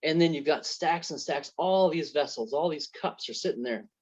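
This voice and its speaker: A man's voice: a little high, moderate pace, husky. A man giving an earnest, faith-centred testimony as an interview guest, telling parables to make his points. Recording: dull lo-fi sound.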